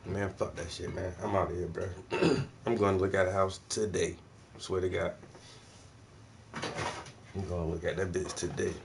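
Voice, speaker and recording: A man's voice: low voice, steady tone, unhurried, vocal fry, long pauses, background noise. A man ranting casually about his neighbors, slangy, profane and full of laughs. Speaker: vlogger, artist. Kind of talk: casual rant.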